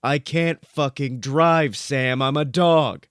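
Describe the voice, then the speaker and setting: A man's voice: mid-range voice, takes it slowly, fairly bright tone, smooth, no room sound, studio quality, pitched above the performer's own voice. A man voicing a small, hotheaded, foul-mouthed male corgi who barks between words. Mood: shaky.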